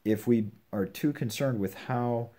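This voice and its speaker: An older man giving earnest, measured advice on scripture to his children and grandchildren at home. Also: mid-range voice, dark tone. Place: home with a puppy nearby.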